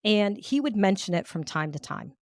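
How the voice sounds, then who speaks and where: A woman leadership coach of Cuban heritage, a guest on an interview, telling personal stories in an animated way and acting out her own thoughts. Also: mid-range voice, moderate pace, dry recording, clean studio sound. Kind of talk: storytelling in an interview.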